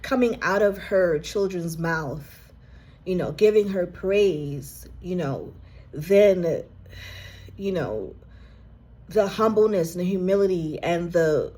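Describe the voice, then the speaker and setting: A woman with a low, mellow, slightly husky voice gives an emotional reading to the viewer. She talks slowly and earnestly, addressing "you" directly. At times she is moved close to tears. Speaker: intuitive card reader.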